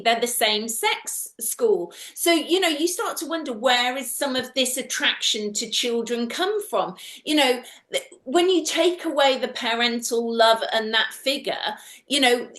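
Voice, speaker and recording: A woman with a high voice tells a story chattily, her pitch swooping up and down. She often adds "you know", and her voice rings in an echoey room. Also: a bit bright. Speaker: conference speaker. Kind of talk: conversational talk.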